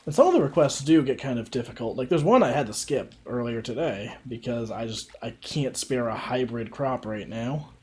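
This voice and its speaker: A man's voice: mid-range voice, expressive, moderate pace, a little mellow. A man streaming a farming game, rambling casually with many fillers and frequent laughs. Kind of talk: casual gameplay commentary.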